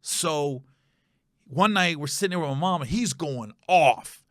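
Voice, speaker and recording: Lively, profane man telling a comic story. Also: a little high, measured pace, no echo, studio quality. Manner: animated, profane, wry storyteller. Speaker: comedian. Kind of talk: comedic storytelling on a podcast.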